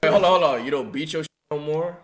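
A man's voice: on the high side, fast. A young man visiting a friend's stream, teasing and trash-talking playfully. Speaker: fellow streamer, guest. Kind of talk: casual chat with friends.

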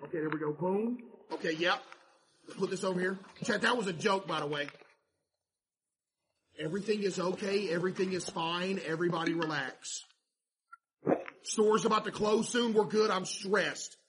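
Male game streamer, high and bright voice, dramatic fake-stressed chatter to chat. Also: moderate pace, long pauses, slight background noise. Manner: animated, mock-stressed, talks to chat. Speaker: streamer playing a laundromat game. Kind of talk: casual gameplay commentary to chat.

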